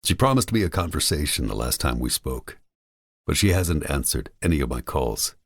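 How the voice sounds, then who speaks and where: A man narrating a romance audiobook in first person, intense and expressive. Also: very deep voice, normal speed, breathy edge, no room sound, studio quality.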